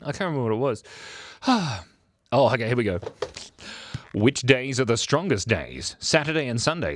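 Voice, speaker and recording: A middle-aged man hosting a drawing livestream, rambling and joking goofily with his chat in casual talk. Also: mid-range voice. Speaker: livestream art host.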